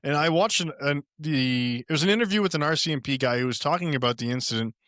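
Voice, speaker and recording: A man's voice: fairly high pitch, expressive, fairly bright tone, dry recording. Blunt man, dry close sound. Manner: blunt, agreeing, quick asides. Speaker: podcast co-host. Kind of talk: casual podcast discussion.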